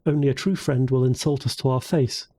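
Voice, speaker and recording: A man's voice: medium pitch, steady tone, brisk, mellow, natural voice. A male narrator voicing a frank, earnest young woman who speaks with firm conviction.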